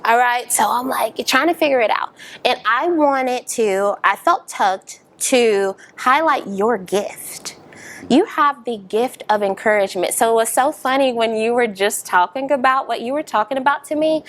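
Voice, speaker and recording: A young woman, a podcast guest, telling her story in a casual interview, animated and emphatic, laughing often. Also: high-pitched, measured pace.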